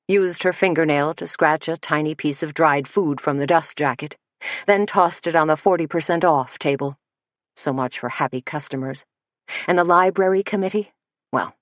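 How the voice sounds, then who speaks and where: A woman narrating an audiobook in a measured storytelling manner. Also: low-pitched, no echo. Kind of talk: scripted narration.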